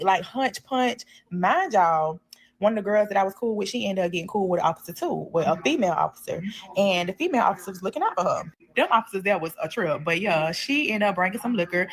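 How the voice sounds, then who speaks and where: Fast-talking woman telling a story. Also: mid-range voice. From Florida, USA. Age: 30s. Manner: animated, slangy, addresses viewers as y'all and child. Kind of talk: casual storytime chat.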